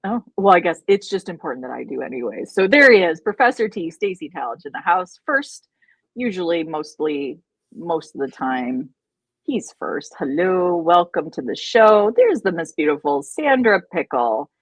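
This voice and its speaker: A woman's voice: fairly low pitch, sing-song, normal speed, breathy edge, dry recording, low-quality recording. A woman co-hosting a live stream, bubbly and chatty, greeting viewers one by one. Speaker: co-host. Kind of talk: casual live-stream chat.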